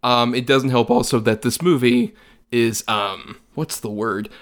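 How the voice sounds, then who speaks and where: A young man co-hosting a movie podcast in loose, casual chat. His voice sits at an everyday middle pitch, and he swears and laughs his way through animated riffs. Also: unhurried. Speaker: podcast co-host.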